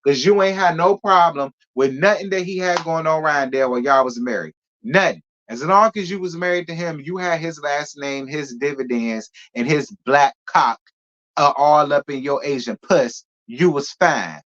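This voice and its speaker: A man's voice: fairly high pitch, normal speed, fairly bright tone. Sassy man in dull lo-fi gossip talk. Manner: sassy, talks straight to viewers. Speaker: celebrity gossip vlogger. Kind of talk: casual gossip commentary.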